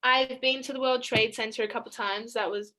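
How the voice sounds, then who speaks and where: Young aussie woman on a video call, bright forceful voice, chatty, laughs a lot. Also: fairly high pitch, fairly even intonation, fairly quick, poor audio. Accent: Australian. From Australia. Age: young adult. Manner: chatty, laughs often between sentences. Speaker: college basketball player. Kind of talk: casual interview over video call.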